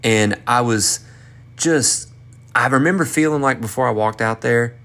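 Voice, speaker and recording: A man in his thirties from North Carolina with a Southern accent, excitedly telling a rambling story. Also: medium pitch, a little slow. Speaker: performer and vlogger. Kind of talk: casual storytelling recap.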